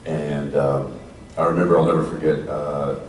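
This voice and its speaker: A man's voice: rumbling low, little pitch movement, normal speed, darkish tone, a little hiss or hum. A man in his forties, an actor on a convention panel, telling thoughtful stories to a live audience, often trailing off and restarting. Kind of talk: reflective storytelling to a live audience. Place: large convention hall stage. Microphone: handheld mic, recorded from the audience. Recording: distant echoey hall audience recording.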